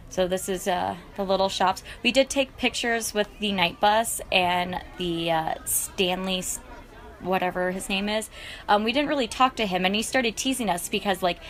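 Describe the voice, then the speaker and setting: A woman's voice: mid-range voice, a bit bright. Young woman vlogging her trip, gushy and chatty, says "like" a lot. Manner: chatty, gushing, full of "like" fillers. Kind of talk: casual vlog voice-over.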